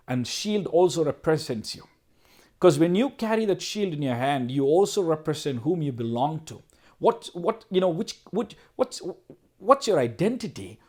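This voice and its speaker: A man preaching a short recorded sermon at home, fervent, repeating phrases, rising in bursts and then dropping low and slow. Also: a little mellow.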